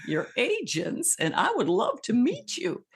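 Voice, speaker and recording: A woman putting on a cheerful comedienne's voice, pitched well above her own and softer in level. It sounds friendly and breathy, like a warm phone greeting. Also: huge pitch swings, a little slow, full character voice.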